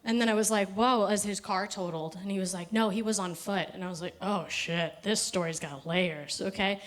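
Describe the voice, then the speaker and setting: A woman's voice: medium pitch, steady tone, brisk. A young woman doing stand-up into a stage mic, chatty and freely profane. She rants in a loose, run-on way and keeps breaking into laughter at her own lines. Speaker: stand-up comedian. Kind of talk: stand-up set. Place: comedy festival stage.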